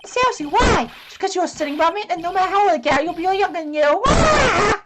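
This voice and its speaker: A woman voicing a loud, excitable male courtroom witness who whines and shouts indignantly while reading a game aloud. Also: extremely high pitch, fast, very noisy, pitched above the performer's own voice. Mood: indignant shouting.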